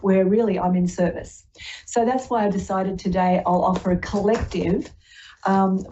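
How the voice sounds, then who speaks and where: Woman, psychic radio host, soft mellow tone, rambling spiritual talk, slightly dull audio. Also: mid-range voice, a little hiss or hum. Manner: warm-hearted, rambling, spiritual storytelling. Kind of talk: spiritual talk show monologue.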